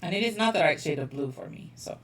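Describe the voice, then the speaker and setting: A woman's voice: fairly low pitch, animated, fast talker, roomy sound, distant mic. A woman playing in a tabletop game, chatting casually and laughing easily. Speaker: player.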